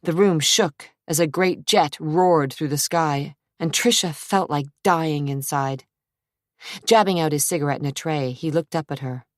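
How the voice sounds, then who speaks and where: A woman narrating an audiobook in a measured, unhurried way, close to the mic. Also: sits low, dry recording. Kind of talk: scripted narration.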